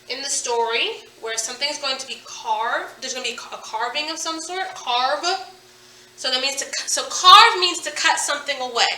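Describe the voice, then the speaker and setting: A woman, an upbeat elementary teacher, giving a recorded phonics lesson and stretching words out slowly to model their sounds. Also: high-pitched, pushed and bright, echoey room, distant mic, rough recording.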